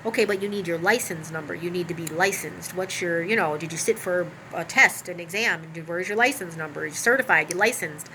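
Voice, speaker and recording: A woman with a bright, forceful voice recounts a painful personal story, talking in a loose, animated way with plenty of asides. A faint hiss of noise sits under her voice. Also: lowish voice, a little fast, few pauses, poor audio. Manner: animated, rambling, with many asides and fillers. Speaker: vlogger telling a personal story.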